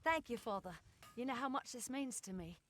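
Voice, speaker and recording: An actress playing an eager, earnest young dwarf daughter in a game. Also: female voice, a little high, animated, a little fast, fairly bright tone.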